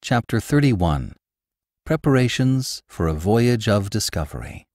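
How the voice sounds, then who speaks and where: A man narrating a classic adventure novel in a measured, expressive reading. His voice is low, with a lively, animated pitch. The recording is dry and close. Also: dry recording. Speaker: host and narrator.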